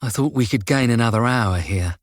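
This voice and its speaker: A man voicing a tense male police detective in an audiobook, speaking low and clipped. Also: fairly quick, dry recording, natural voice. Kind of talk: audiobook character voice.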